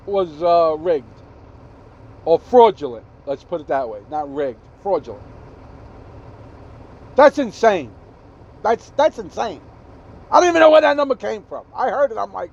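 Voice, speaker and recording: A man's voice: high voice, very animated, normal speed, gravelly, pauses often, a little mellow, lo-fi sound. A man giving an emphatic, repetitive political rant as a vlogger, swearing now and then and stumbling over his numbers.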